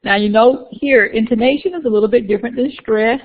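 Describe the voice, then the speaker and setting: In a phone-like lecture recording, a woman who teaches at a university walks her class through course material in the classroom. She speaks briskly at a fairly high pitch, with frequent "uh" fillers and little restarts.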